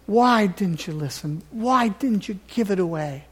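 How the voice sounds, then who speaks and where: A pastor speaking as a sorrowful divine judge, hushed and reproachful. His high voice drops low and soft as he asks a believer why they held back. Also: expressive, a little slow, breathy edge, exaggerated voice.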